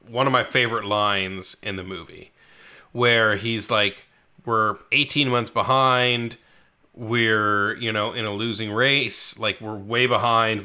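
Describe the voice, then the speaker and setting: A man co-hosting a podcast, chatting casually about a film and acting out its scenes with lively voice jumps. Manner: animated retelling of scenes, acting out characters with big pitch jumps. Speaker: podcast co-host. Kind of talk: casual movie review chat.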